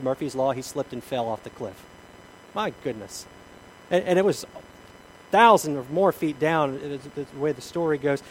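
A male pastor preaching a sermon in a church, with a slightly raised pitch. He tells stories and repeats his key questions with emphatic swings in loudness. A faint hum sits behind him. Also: rough recording. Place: church sanctuary.

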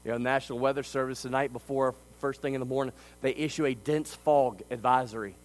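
A man preaching a sermon as a pastor. He delivers it emphatically, swinging between quiet stretches and loud ones. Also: medium pitch, fairly even intonation, a little fast, poor audio.

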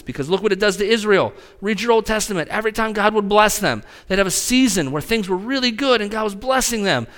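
A man preaching a conversational sermon as a pastor, talking straight to his congregation in an animated way. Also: fairly high pitch.

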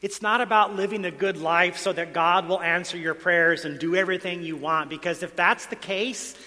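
Male pastor, bright, ringing voice, sermon delivery with dramatic soft-loud swings, church hall reverb. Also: high-pitched, steady tone, normal speed. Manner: dramatic shifts between soft asides and loud emphasis.

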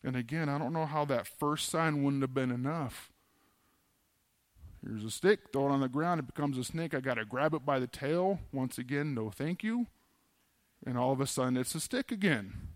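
A man's voice: mid-range voice, animated, normal speed, no echo. Conversational male preacher, dry sound. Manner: conversational, acts out biblical dialogue in plain modern speech. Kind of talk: casual sermon teaching.

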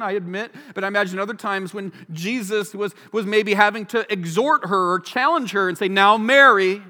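A man preaching a sermon as pastor, animated, acting out the people in the story. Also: high voice. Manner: animated, acts out the people in the story in quick voices. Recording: long hall reverb.

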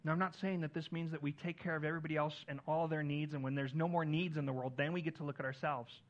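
A man preaching a sermon as pastor, earnest, lifting his voice on key lines and dropping it soft on others. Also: on the high side, fairly even intonation, fast, muffled recording.

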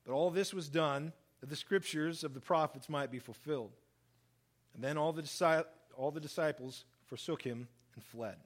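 A man preaching a sermon, reading scripture and explaining it in an animated way, acting out the quoted speech. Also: moderate pace. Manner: animated, acts out quoted speech, lively shifts in pitch and volume. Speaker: pastor. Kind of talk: sermon, Bible reading and commentary.

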